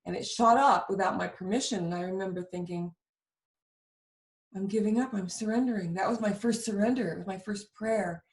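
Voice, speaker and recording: A woman's voice: mid-range voice, brisk, echoey room. A woman host telling a heartfelt personal story in a candid, vivid way during a conversation. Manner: emotional, vivid confessional storytelling. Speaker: show host.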